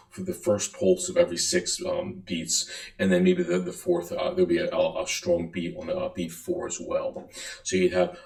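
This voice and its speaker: A man giving a relaxed music lecture, counting and singing beats aloud between many fillers. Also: low voice. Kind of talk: recorded lecture. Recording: echoey room.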